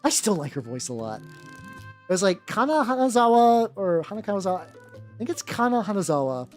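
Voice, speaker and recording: A woman's voice: mid-range voice, big pitch swings, normal speed, darkish tone. A young adult woman streaming as a VTuber, chatting casually while she paints miniatures, rambling with lots of "like" and free swearing. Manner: rambling, swears freely, heavy on fillers like "like". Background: faint background music.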